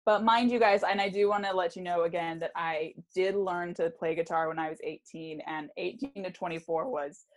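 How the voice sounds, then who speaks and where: A woman's voice: lowish voice, fairly even intonation, a little fast, hardly any pauses. A woman co-hosting a podcast in casual chat, giggly and playful. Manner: giggly, reads her old diary aloud dramatically. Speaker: podcast co-host.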